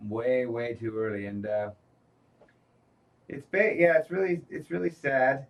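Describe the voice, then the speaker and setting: A man chatting casually as a co-host, wandering through his points with restarts and frequent swearing. His voice sits in a middling pitch and sounds a little distant from the microphone. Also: fairly even intonation, measured pace, highs cut off. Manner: rambling, profane, loose. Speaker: podcast co-host. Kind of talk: casual chat.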